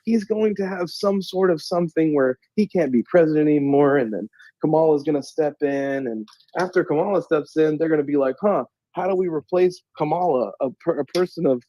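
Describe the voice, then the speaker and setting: A man rambles excitedly through casual podcast talk, stumbling over his words and breaking into laughter. His voice is warm and mellow, dry, with a slightly dull, lo-fi recording. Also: on the high side, brisk, no room sound. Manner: animated, rambling, laughs a lot, frequent restarts. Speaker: co-host.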